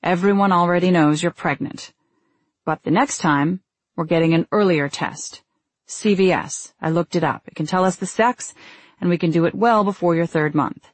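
A woman's voice: fairly low pitch, normal speed, no echo, natural voice. A woman reading the lines of a cold, controlling husband in a curt, condescending tone.

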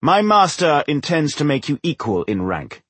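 A man voicing a cold, haughty male elf envoy who speaks barely courteously, with a husky voice. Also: mid-range voice, animated, moderate pace, no echo. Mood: curt. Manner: barely courteous, take-it-or-leave-it tone.

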